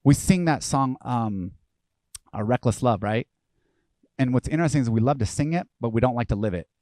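Animated male pastor preaching a sermon. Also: mid-range voice, a little fast, dry recording. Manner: animated and conversational, acting out quoted voices.

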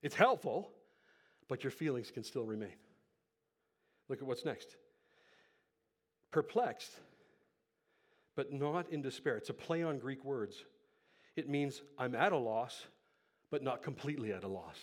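A male pastor delivers a sermon at a microphone in a church, his voice sitting at an ordinary middle pitch. He drops to hushed, slow phrases and then climbs to loud, impassioned peaks. His breathing is heavy and audible on the mic. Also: expressive. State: breathing heavily.

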